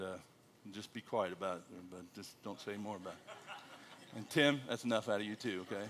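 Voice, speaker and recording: A middle-aged American missionary speaks to a congregation. His pitch swings widely as he tells his stories. His tone is bright, and he plays the quoted lines for laughs. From United States. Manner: animated storyteller, acting out quotes with a jokey voice. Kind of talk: church talk to a congregation.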